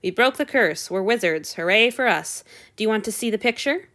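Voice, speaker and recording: A woman's voice: a little high, animated, fairly quick, a bit bright. A woman voicing a prickly young male lord who talks in a dry, snappish way.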